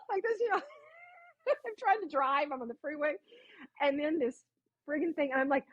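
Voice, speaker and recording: Woman guest, husky voice, dry dull call audio, animated storyteller. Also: high voice, moderate pace, pauses often, dry recording. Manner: animated, laughs often, acts out her own reactions. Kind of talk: casual conversational storytelling.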